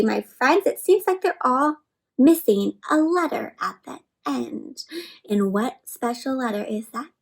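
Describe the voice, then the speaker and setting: A woman reading a picture book aloud to children, animated, asking them questions and slowly sounding out letters, sometimes dropping to soft whispered asides. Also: fairly high pitch, creaky, poor audio. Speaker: children's story reader. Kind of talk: interactive read-aloud for kids.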